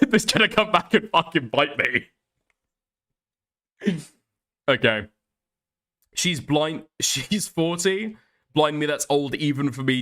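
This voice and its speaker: A man's voice: medium pitch, a bit bright. A man hosting a commentary stream, rambling and swearing with laughing asides. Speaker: streamer host.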